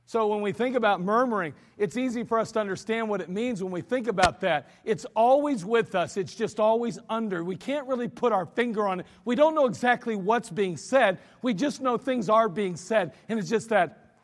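American pastor, man; high pitch, conversational sermon with animated quotes, long church reverb. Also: moderate pace. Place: church sanctuary.

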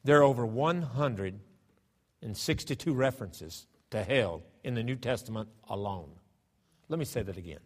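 A man preaching a sermon as pastor, with a fervent, emphatic delivery that swells into loud declarations. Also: mid-range voice, sing-song, moderate pace, big-room sound. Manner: starts with a hushed prayer, then builds to loud fervent preaching. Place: church sanctuary.

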